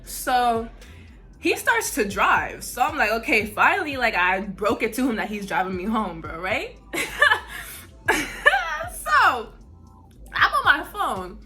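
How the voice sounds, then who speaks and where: A lively young woman from New York tells a story in a high, bright voice that swings up and down a lot. She swears freely and fills her talk with "like", over faint background music. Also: slow pace, long pauses. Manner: animated, profane, heavy use of "like". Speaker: vlogger. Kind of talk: casual storytime.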